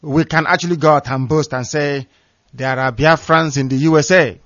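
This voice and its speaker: A man's voice: on the high side, steady tone, normal speed, a bit bright, dry recording. A man hosting a call-in radio show, speaking passionately and repeating words for emphasis. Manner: impassioned, repetitive emphasis. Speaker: radio host. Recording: dull lo-fi dry sound.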